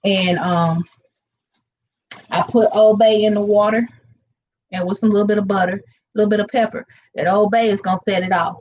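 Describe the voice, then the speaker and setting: A woman's voice: mid-range voice, steady tone, normal speed, long pauses, darkish tone, muffled recording. A chatty woman, rambling casually to viewers while she cooks in her kitchen. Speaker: vlogger cooking live. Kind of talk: casual live-stream chat. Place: home kitchen.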